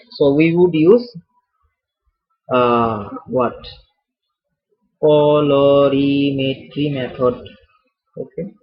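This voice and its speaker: A man's voice: on the high side, slightly rough. A man whose first language is not English, giving an informal chemistry lesson, often restarting and repeating phrases as he thinks aloud. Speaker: chemistry tutor. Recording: dull lo-fi recording.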